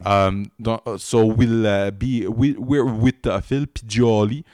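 A man with a French Canadian accent co-hosting a podcast in casual chat, halting with many restarts and fillers. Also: on the low side, fairly even intonation, darkish tone, no room sound, clean studio sound. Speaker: podcast co-host.

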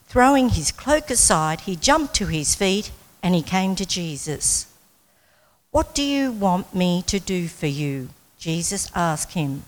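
A woman reading scripture at a very unhurried pace, placing each phrase with care. The room adds a long, lingering reverb to her voice. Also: fairly low pitch, big pitch swings. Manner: measured, careful reading. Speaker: scripture reader.

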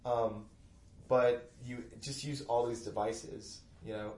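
A man talking casually as a podcast guest, an animated storyteller. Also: medium pitch, takes it slowly. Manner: animated storyteller, loud put-on family voices. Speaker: podcast guest, comedy writer. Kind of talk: casual chat. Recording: echoey room, faint noise.

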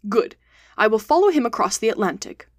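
A woman reading the part of a cool, calculating male detective in a storybook, speaking in a cold, measured way. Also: a little high, big pitch swings, darkish tone, no echo, clean studio sound. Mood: calm.

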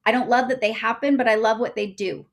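A woman in her thirties, a podcast guest telling a personal story in a chatty way, full of fillers and getting loud when excited. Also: fairly high pitch, fast.

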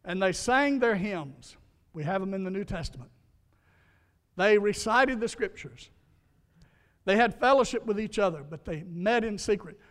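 A man's voice: high-pitched, animated, normal speed, long pauses, fairly bright tone, in a large hall. A man preaching a sermon, telling folksy stories and repeating key lines for emphasis. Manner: folksy storytelling, emphatic repetition. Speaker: pastor.

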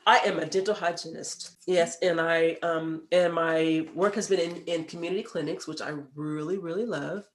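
A woman in her forties, a podcast guest, telling stories in a lively, emphatic way and laughing now and then. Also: on the low side, moderate pace, hardly any pauses, reverberant. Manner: animated storyteller, emphatic and laughing. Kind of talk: casual chat.

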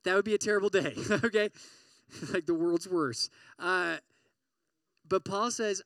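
A man delivering an animated sermon to college students, with a high, bright, clear voice. He questions the crowd directly and acts out their worried inner thoughts. The recording is dry and picked up from a little way off the mic. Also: unhurried, no room sound, far from the mic. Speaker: pastor.

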